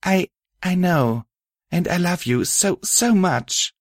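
A man reading aloud and voicing a guilt-ridden young pony hero who stammers and confesses haltingly. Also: fairly high pitch, animated, dry recording, studio quality, voice pushed up. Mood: guilty.

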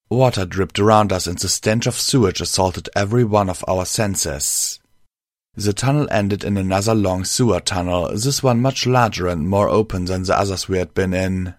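A man reads a first-person story aloud in a measured, unhurried way. His voice sits low, and the recording is dry and close with no room sound. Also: no room sound. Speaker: narrator. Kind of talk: audiobook reading of a fan story.

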